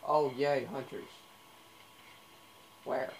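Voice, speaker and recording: A man's voice: medium pitch, steady tone, very slow. A young man giving casual, rambling commentary while playing a video game, full of fillers and asides. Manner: rambling, filler-heavy, easily sidetracked. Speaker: gamer. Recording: noisy home recording.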